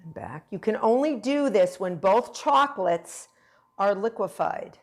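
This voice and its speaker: A woman's voice: medium pitch, animated, unhurried. Woman, middle-aged, cooking instructor; playful, encouraging demo patter. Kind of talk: cooking demonstration.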